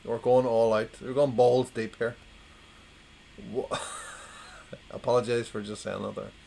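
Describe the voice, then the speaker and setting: This man's medium-pitched voice is level, measured, and creaky, heard in a low-quality recording with slight background noise. Hosting a casual livestream, he wryly reads cheesy jokes to a quiet chat, repeating punchlines when no one responds.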